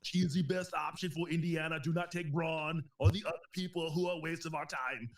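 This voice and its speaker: A man's voice: on the high side, fairly even intonation, brisk, far from the mic, lightly acted. A man putting on a stiff action-hero impression, speaking in clipped, commanding, formal phrases.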